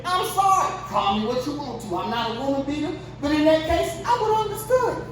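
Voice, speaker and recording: A woman hosting her own show in a heated, profane comedic rant, swinging between muttering and yelling in disbelief. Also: sits high, expressive, brisk, music in the background. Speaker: show host. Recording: echoey, distant mic, noisy ambience.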